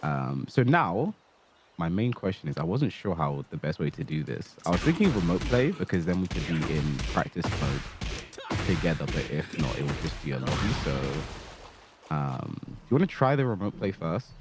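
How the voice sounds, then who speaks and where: A man's voice: low-pitched, very animated, normal speed, background noise. A man coaching a player over a voice call, easygoing and hesitant, with many fillers. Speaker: fighting game coach.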